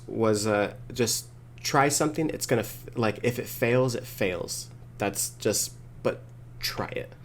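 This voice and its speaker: A man talking casually as an interview guest, rambling and filling pauses with "like" and "you know". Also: mid-range voice. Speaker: guest, wrestler and creator.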